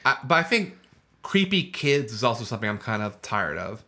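A man in casual chat, giving quick, opinionated takes with eager energy. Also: mid-range voice, big pitch swings, bright, forceful tone.

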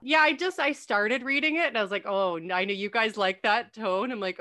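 A woman's voice: mid-range voice, brisk, hardly any pauses, sharp tone. A woman co-hosting a podcast who speaks candidly and laughs at herself in casual book-club chat.

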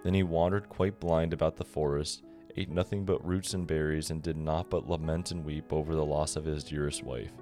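A man narrating a bedtime fairy tale on a podcast in a calm, measured reading. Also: extremely low pitch. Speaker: podcast storyteller. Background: soft guitar music.

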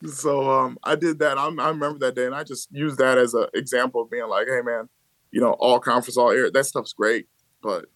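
A man in his thirties from the Chicago area, talking as a podcast guest about his coaching life. He tells stories in an animated, lively way, laughing often and acting out what others said. His voice is recorded dry and close. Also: mid-range voice, brisk, no echo. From Chicago area, USA. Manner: animated storyteller who laughs often and acts out quotes. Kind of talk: casual conversational storytelling.

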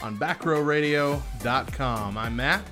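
A man's voice: medium pitch, measured pace, bright, forceful tone, faint music behind. A man hosting a casual morning show, reading off news bits with jokes and frequent laughs. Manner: joking, laughs often. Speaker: host.

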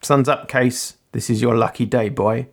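A man's voice: mid-range voice, steady tone, normal speed, lightly acted. A man voicing a cold, commanding ex-military man with a curt, clipped delivery.

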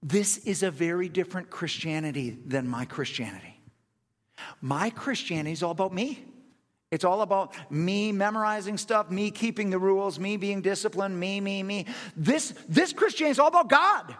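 A man preaching a sermon, telling stories and acting out quotes, animated, laughing at himself. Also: sits high, normal speed. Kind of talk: sermon storytelling. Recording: long hall reverb.

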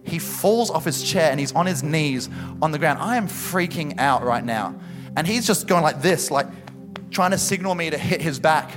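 A young man preaching a passionate sermon at a church service, building to loud exhortation. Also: fairly high pitch, expressive, normal speed, over music. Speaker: pastor.

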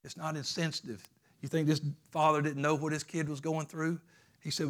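A pastor preaches a sermon in a fairly high male voice. He swings between loud, urgent climaxes and soft, low passages, repeating his phrases for emphasis in a loose, colloquial way. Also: flat delivery, a little fast.

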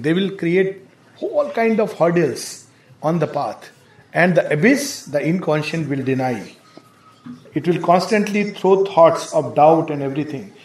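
Spiritual teacher, high voice. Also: male voice. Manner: measured, explanatory, with hesitations. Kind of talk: reflective spiritual lecture. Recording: roomy echo.

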